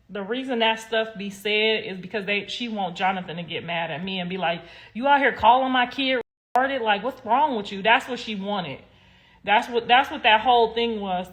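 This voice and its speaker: A woman's voice: mid-range voice, a bit bright. A young adult woman hosting a casual livestream, talking straight to her viewers in a blunt, rambling way and swearing freely. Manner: sassy, talks straight to viewers. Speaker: livestream host.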